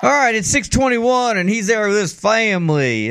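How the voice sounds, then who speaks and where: Sports radio host, male, chatty and a touch high, dry close studio sound. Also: big pitch swings, normal speed, hardly any pauses, fairly bright tone, smooth, no room sound. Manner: chatty, stumbling restarts. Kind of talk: casual sports talk radio. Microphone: studio mic.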